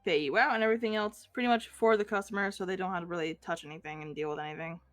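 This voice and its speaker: A young woman hosting a casual drawing stream, giggly and expressive, swearing casually. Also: fairly low pitch, rapid-fire, faint music behind. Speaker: streamer host. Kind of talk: casual chat while drawing.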